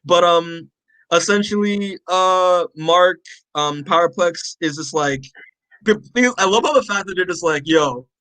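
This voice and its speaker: Bright-voiced man recapping a comic. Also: sits high, measured pace, dry recording, low-quality recording. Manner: rambling, many fillers, acts out characters' lines. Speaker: podcast co-host. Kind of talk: casual comic book recap.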